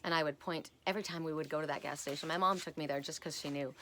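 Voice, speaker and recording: A woman's voice: sits low, fairly even intonation, fast talker, fairly bright tone, slight background noise. A woman giving a casual spiritual oracle card reading, chatty and rambling with personal asides, often tagging her points with "right?".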